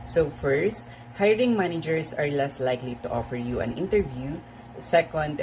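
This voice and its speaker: Halting student presenter. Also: mid-range voice, vocal fry, slight background noise, rough recording. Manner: halting, with many "uh" fillers. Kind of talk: class presentation.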